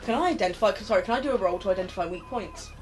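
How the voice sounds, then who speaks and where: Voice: mid-range voice, expressive, rapid-fire, a little hiss or hum. A player in a tabletop role-playing game, eagerly describing a character's actions. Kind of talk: casual tabletop game play.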